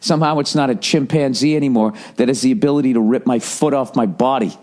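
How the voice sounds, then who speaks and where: A man's voice: medium pitch, quick pace, a little mellow. A middle-aged American man hosting a podcast, ranting comically with heavy swearing and frequent restarts. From United States. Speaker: podcast host. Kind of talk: comedic podcast rant.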